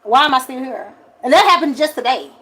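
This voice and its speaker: A forty-year-old woman, telling a story on a casual livestream and swinging from loud outbursts to quiet asides. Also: high voice, expressive, fairly quick, noisy background. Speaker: livestream host.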